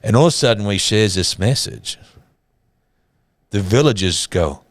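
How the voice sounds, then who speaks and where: Middle-aged male co-host, very deep and dry, a dramatic storyteller. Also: lively intonation, moderate pace, dry recording. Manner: dramatic storyteller, acts out quotes. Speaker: church podcast co-host. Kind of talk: casual storytelling chat.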